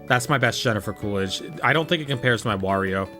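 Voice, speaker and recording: A man streaming a game, chatting casually and joking in quick, rambling asides to his viewers. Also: on the low side, lively intonation, sharp tone, faint music behind. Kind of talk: casual livestream chat while gaming.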